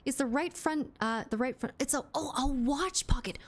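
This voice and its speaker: Her voice sits high and moves at a moderate pace with few pauses as she plays a game on a livestream, joking around and responding to chat. She's in a closed room at home using a streaming microphone with a compressor.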